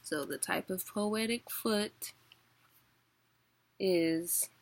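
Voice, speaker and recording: Woman explaining a lesson real slow and patient, lowish gravelly voice, casual with lots of ums. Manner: slow, patient explaining with chuckles and filler words. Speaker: poetry teacher.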